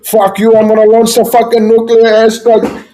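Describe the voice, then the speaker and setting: A man's voice: high voice, completely flat delivery, normal speed, voice pushed up, close to an everyday voice, poor audio. A man putting on a hot-tempered male dictator who rants in broken English. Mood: raging. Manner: shouty, clipped broken phrases.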